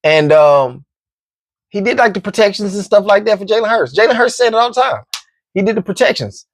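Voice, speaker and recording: A man's voice: high voice, expressive, a little fast. A man hosting a casual football commentary show, laid-back and joking. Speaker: sports commentary host.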